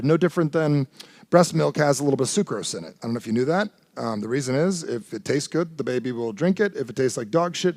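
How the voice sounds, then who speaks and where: A man giving a live motivational seminar talk, animated and blunt, swearing freely and keeps asking the audience questions. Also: on the high side, no room sound, studio quality. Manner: animated, blunt and profane, keeps quizzing the crowd. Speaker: motivational speaker.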